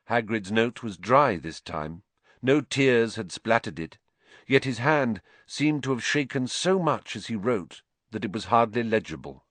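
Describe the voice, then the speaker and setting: Guy narrating a storybook, lowish voice, pitch moves a lot, dry close sound. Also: dry recording. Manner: expressive, measured storytelling. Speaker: audiobook narrator. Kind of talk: scripted narration.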